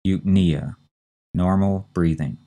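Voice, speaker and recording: A man teaching a recorded medical terminology lecture, speaking slowly and carefully and spelling out terms letter by letter. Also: low-pitched, dark tone. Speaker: instructor.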